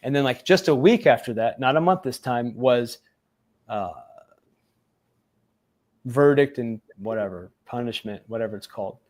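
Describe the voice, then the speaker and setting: A man's voice: mid-range voice, normal speed, pauses often. A man, a former Navy SEAL, telling a long personal story in a casual interview, with lots of fillers, acting out the voices of the people he quotes. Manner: animated retelling, acts out quoted voices, many fillers.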